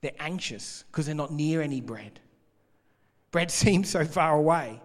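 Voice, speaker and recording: A man preaching a sermon, explaining scripture in a conversational, animated way. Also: fairly high pitch, unhurried, big-room sound. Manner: conversational and animated, laughing between points.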